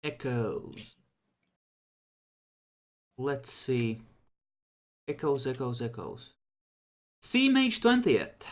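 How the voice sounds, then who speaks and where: A man acting as game master in a relaxed online tabletop session, joking and swearing freely. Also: mid-range voice, extremely slow, pauses often. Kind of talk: casual tabletop game narration.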